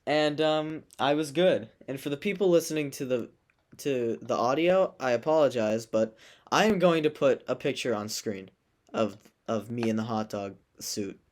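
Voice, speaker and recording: A teenage boy with a mid-range voice, speaking at normal speed, co-hosts a casual podcast. He tells a school story animatedly, laughing a lot and acting out the voices he quotes.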